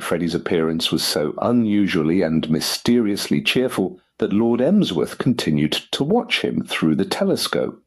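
Low, husky male audiobook narrator.

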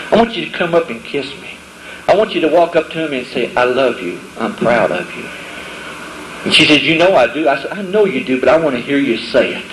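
A man's voice: mid-range voice, noisy background. A middle-aged man giving a folksy testimony to young people, acting out the voices of the people in his stories. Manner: storytelling, acts out quoted voices, folksy grammar. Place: camp meeting hall. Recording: echoey hall with faint ambience.

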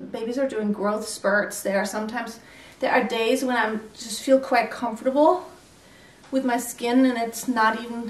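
A woman in her thirties talking to camera in a casual, candid vlog, a little out of breath. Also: a little high. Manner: chatty, candid, mildly breathless. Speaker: vlogger. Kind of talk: casual pregnancy update vlog. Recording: echoey room, voice from far off.

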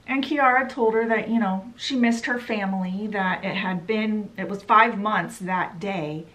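A woman's voice: mid-range voice, bright, forceful tone. A woman casually summarizing a book in a meandering way, with lots of fillers. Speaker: book vlogger.

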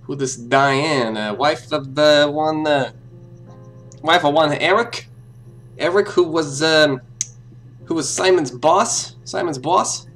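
A man's voice: on the high side, takes it slowly, fairly bright tone, faint music behind. A man putting on a mocking, tough-talking male detective voice while commenting on a game as host. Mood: cocky. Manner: mocking, wisecracking interrogator. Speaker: gameplay video host.

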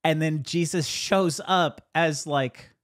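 A man who pastors a church speaks slowly and casually about his sermon, storytelling with animation, frequent laughs, and a higher voice when quoting others. It's a dry recording of studio quality.

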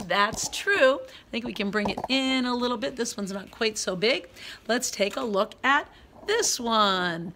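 Slow, bright-voiced woman preschool teacher. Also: on the high side, lively intonation, a little hiss or hum. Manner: sounds out letters slowly and clearly; encouraging, praises the children often. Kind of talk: guided reading lesson for young children.

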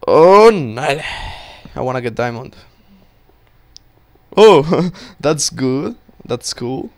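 A young man giving casual, excitable commentary while playing a game, swearing and talking to himself. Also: mid-range voice, slow pace. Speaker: gaming channel host.

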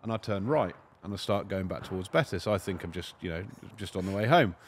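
A lowish-voiced man races through stories from his days hosting shoots. He talks fast and animated, full of fillers. There is a faint murmur of room sound behind him. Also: a little hiss or hum. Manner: rapid, animated storyteller with frequent fillers. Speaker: shoot host and business owner, podcast guest. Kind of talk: casual chat, storytelling anecdotes.

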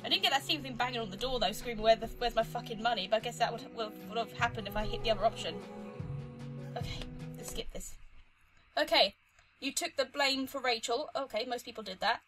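A young woman commentating her own playthrough of a story game, chatty and excitable, talking to herself and the screen. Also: a little high, fairly quick, music in the background, rough recording. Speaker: let's play host. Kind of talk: gaming commentary.

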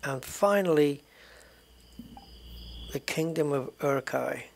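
A man hosting a let's play, quietly thinking aloud as he checks documents in a game. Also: fairly high pitch, slow pace, gravelly, slight background noise. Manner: quiet, muttering thoughts aloud. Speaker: gaming channel host.

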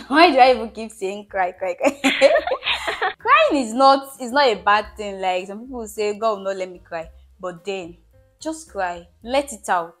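A woman's voice: medium pitch, lively intonation, normal speed, a bit bright. A woman giving relationship advice in a casual monologue, emphatic and repetitive, coaxing her listener and laughing at herself. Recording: faint music behind.

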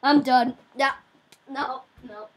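A young woman giving casual gameplay commentary, excitable, crying out in frustration now and then. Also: high voice, slow pace, a little hiss or hum, poor audio. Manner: excitable, yelps and cries out in frustration. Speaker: gamer.

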